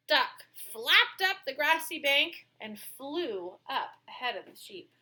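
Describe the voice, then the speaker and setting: A woman reading a children's picture book aloud with expressive storytelling. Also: high voice, takes it slowly, few pauses, poor audio.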